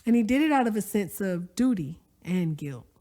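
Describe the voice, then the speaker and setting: A woman narrating a story aloud, expressive and conversational, with folksy asides to the listener. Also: medium pitch, normal speed. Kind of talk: audiobook-style story narration.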